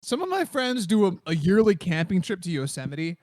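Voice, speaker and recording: A young man co-hosting a comedy podcast with a notably high voice. He tells stories in an animated way, breaking into laughter and quick asides, and the sound is dry and close to the mic. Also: no room sound. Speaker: podcast co-host. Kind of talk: casual comedic storytelling.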